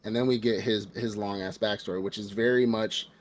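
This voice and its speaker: An American man with a fairly low voice recaps a movie on a casual podcast. He talks animatedly, fills his sentences with "like," and jumps into quoted lines of the characters as he goes. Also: a little fast, a little hiss or hum. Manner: animated retelling with acted quotes, heavy filler "like". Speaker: podcast co-host. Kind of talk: casual podcast review chat.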